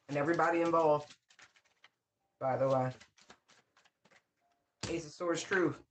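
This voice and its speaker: A woman's voice: low voice, slow, a little hiss or hum. Emphatic, outspoken woman reading tarot. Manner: emphatic, repeats phrases, swears freely; excitable outbursts with whoops. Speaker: tarot reader. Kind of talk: casual spiritual reading monologue.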